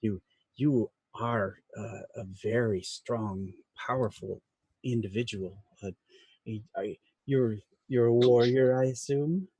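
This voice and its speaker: A man voicing a veiled female fortune teller who reads palms in a gentle, halting way. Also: medium pitch, husky, no room sound, rough recording. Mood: flattering. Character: female palm-reading fortune teller with a veil.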